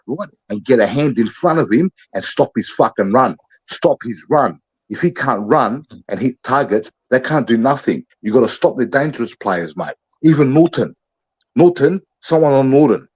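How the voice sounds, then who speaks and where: On a roughly recorded podcast, an Australian man with a medium-pitched, darkish voice, a breathy edge, and lively intonation speaks at a moderate pace. Heated and swearing, he lays out how the team ought to play, barking instructions like a coach.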